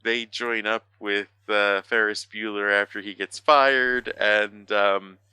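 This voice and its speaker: A man's voice: fairly low pitch, steady tone, bright, forceful tone, smooth, no echo. A man co-hosting a podcast, rambling through a casual chat full of fillers and the odd swear word. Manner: rambling, profane, halting with many fillers. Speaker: podcast co-host.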